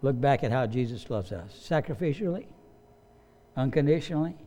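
A man's voice: medium pitch, expressive, normal speed, mellow. A man preaching a sermon as pastor, emphatic and repeating key phrases for weight.

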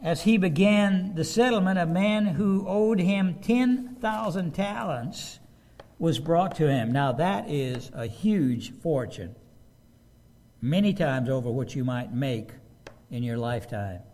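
A pastor gives a sermon in a high voice with a gravelly edge. He reads scripture, then presses his listeners with emphatic rhetorical questions. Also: lively intonation, slow pace, darkish tone.

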